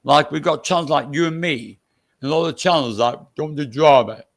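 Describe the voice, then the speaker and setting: A man's voice: a little high, fairly quick, gravelly. A man with a Stoke-on-Trent accent mixed with Irish touches, a guest chatting casually on a live stream, blunt and swearing freely. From England.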